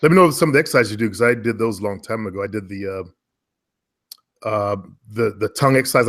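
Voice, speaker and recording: Relaxed American man giving voice advice. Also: lowish voice, quick pace. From United States. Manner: relaxed, talkative, advising. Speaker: guest, former radio and commercial voice talent. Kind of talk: casual conversation.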